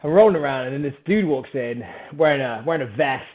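A man, a podcast guest, telling a story in a casual, animated, self-mocking way and laughing often. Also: medium pitch, quick pace. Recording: phone-like narrow band.

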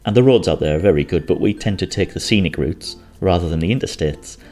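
A deep-voiced man recalls a trip in an easygoing, rambling way, stopping now and then to correct himself. Soft music plays faintly behind him. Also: animated, quick pace. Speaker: travel storyteller. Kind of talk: casual travel recollection.

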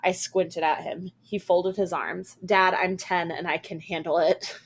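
A woman podcast host reading a scary story aloud, expressive, with small character voices. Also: lowish voice, measured pace, a little hiss or hum.

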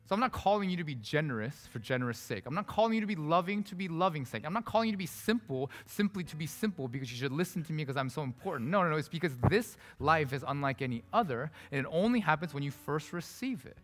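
Fast-talking, bright-voiced male pastor. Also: fairly high pitch. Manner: animated storytelling, conversational and emphatic. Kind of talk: sermon. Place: church sanctuary. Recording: preached in a reverberant hall with soft guitar behind.

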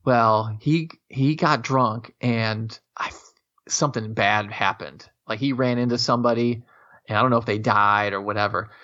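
A man's voice: on the low side, fairly even intonation, moderate pace, sharp tone. A man telling long casual stories in a rambling way, with many restarts and casual swearing. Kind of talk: casual storytelling chat. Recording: dull lo-fi audio.

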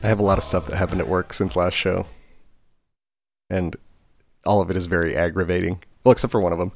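A man's voice: low-pitched, fast talker, vocal fry, soft background music. A man co-hosting a podcast in casual chat, telling work stories and acting out the people in them. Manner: animated storytelling, acting out quoted voices. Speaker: podcast co-host; bartender.

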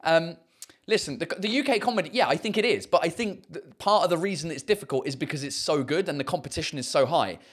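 A fairly high-pitched, slightly rough male voice talks fast with lively intonation. He's an English stand-up comedian with a southern English accent, casually chatting and answering viewers' comments in a self-mocking way, full of fillers and restarts.

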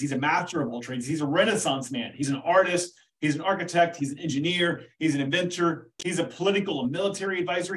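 A man's voice: on the high side, recorded from a distance, poor audio. A man, a teacher, explaining history in a casual, rambling monologue, peppered with "right?" and "okay". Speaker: teacher hosting a history podcast.

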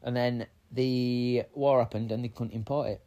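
A man's voice: medium pitch, fairly even intonation, normal speed, dark tone. A young man, co-hosting a podcast and telling rambling, sweary stories between laughs. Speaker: podcast co-host. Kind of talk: casual chat.

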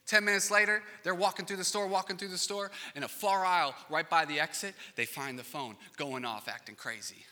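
Animated preacher in a ringing hall. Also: male voice, a little high, quick pace. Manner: animated storytelling, acts out panicked voices, swings from loud to hushed. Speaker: pastor. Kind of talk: sermon. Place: large church auditorium. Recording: long reverb of a big hall.

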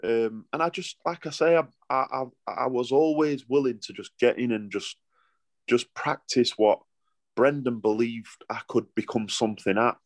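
A man's voice: medium pitch, moderate pace, no echo. A middle-aged man with a Yorkshire accent, a boxer telling stories in a casual interview, rambling with lots of restarts and broad dialect.

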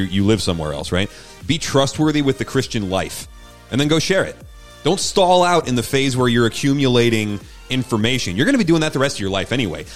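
A man who is a pastor, talking casually and earnestly on a teaching podcast, encouraging listeners with lots of conversational fillers. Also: medium pitch.

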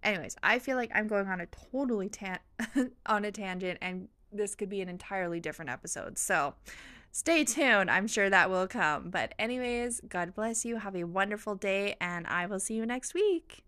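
Woman host, encouraging motivational podcast talk, mid pitch, dry close sound. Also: normal speed, bright, forceful tone, no room sound. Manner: encouraging, earnest, faith-infused.

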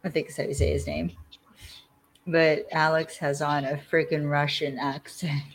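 A woman's voice: low voice, little pitch movement, normal speed, slight background noise. A woman hosting a casual podcast, recapping a TV episode in a chatty way, laughing often and sounding a little tired. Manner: chatty, laughs often, trails off mid-sentence. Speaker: podcast host.

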